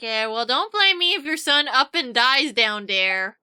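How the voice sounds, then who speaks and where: A woman streaming a game with casual, sarcastic, excitable commentary and frequent swearing. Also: sits high, moderate pace, clear, resonant tone, dry recording.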